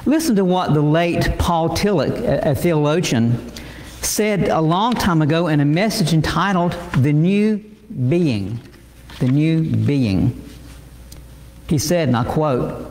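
A male pastor delivering a sermon, halting with many repeated words and fillers. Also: fairly high pitch, expressive, darkish tone. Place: church sanctuary. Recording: echoey church hall.

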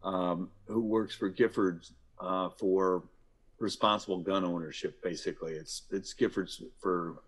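A middle-aged man, a guest author, explaining how to calm angry people in a casual interview and acting out examples. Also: deep voice, a little slow, slightly rough. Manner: animated storyteller, acts out examples. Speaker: guest, author and workplace violence speaker. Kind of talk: conversational podcast interview.

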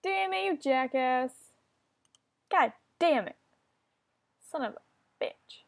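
A woman's voice: sits high, expressive, slow pace, gravelly. A young woman giving casual commentary while playing an online game, often frustrated and swearing at other players. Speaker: gamer.

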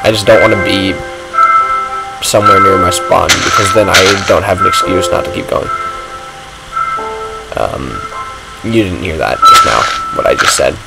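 A man's voice: sits low, normal speed, creaky, long pauses, loud music behind the voice, low-quality recording. A man giving rambling, self-mocking commentary while playing a video game. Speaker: gaming vlogger. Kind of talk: casual gameplay commentary.

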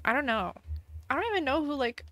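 A woman's voice: high voice, expressive, fast, a bit bright. A woman live-streaming a game, casually reading viewer questions aloud, playful and giggly with bursts of mock outrage.

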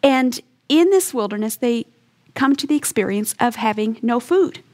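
Woman preaching a bible lesson, earnest and emphatic, pitched a bit high. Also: expressive, normal speed, a little mellow. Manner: earnest, emphatic storytelling with quoted voices. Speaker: Bible teacher. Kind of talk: teaching sermon.

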